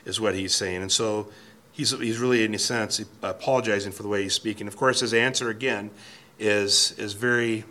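Male Bible teacher, bright tone, thoughtful verse-by-verse delivery that reads quotes aloud. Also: on the low side, fairly even intonation, normal speed.

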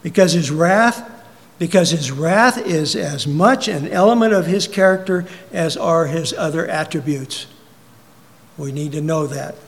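High-voiced preacher in a reverberant hall. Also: male voice, unhurried. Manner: rhetorical questions, rises to emphatic peaks then drops low. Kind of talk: sermon.

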